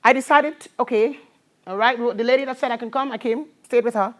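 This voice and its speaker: A woman with a Trinidadian accent giving an animated motivational talk to a live audience, telling her story and drawing call-and-response from the crowd. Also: a little high, fairly quick. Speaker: motivational speaker.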